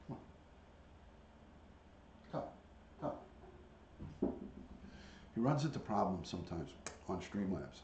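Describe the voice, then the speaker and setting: A man livestreaming with his pet parrot, chatting casually to viewers and coaxing the bird in high sing-song calls. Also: moderate pace, long pauses. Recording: echoey room with faint ambient noise.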